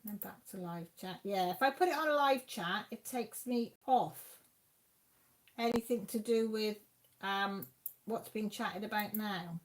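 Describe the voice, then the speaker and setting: Talking a little slowly in a medium-pitched voice, a craft channel host chats casually at home while live streaming. She reads live chat comments aloud, exclaims, and addresses her viewers directly.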